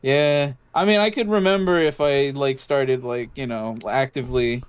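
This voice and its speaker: A man's voice: medium pitch, fairly even intonation, normal speed, clean tone, no room sound. A man co-hosting a podcast in casual chat, rambling, swearing often and filling his talk with "like". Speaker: podcast co-host.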